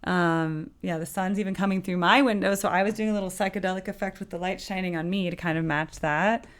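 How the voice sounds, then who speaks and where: A woman's voice: fairly low pitch, fairly quick. A woman hosting a music reaction video as a voice teacher, talking casually and breaking down a singer's technique with lots of fillers. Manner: animated, demonstrates vocal technique, lots of fillers. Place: home room with a sunlit window.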